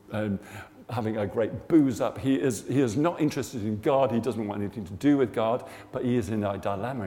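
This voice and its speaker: Preacher, lively storyteller with a gravelly voice, long echo of a hall. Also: male voice, fairly low pitch. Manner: animated, acts out the people in his story. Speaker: preacher telling a testimony. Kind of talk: sermon storytelling.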